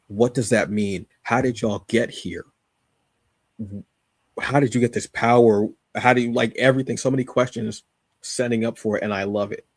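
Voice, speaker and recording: A man's voice: on the low side, gravelly, no echo, clean studio sound. A man co-hosting a podcast, casually reviewing a comic with rambling enthusiasm, many fillers and restarts.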